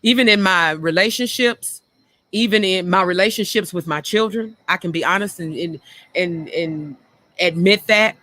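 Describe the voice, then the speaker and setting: A middle-aged woman hosting a talk show reflects on her own past, speaking frankly and earnestly and repeating phrases for emphasis. Her voice is on the low side with a fairly bright tone, and she talks at a moderate pace.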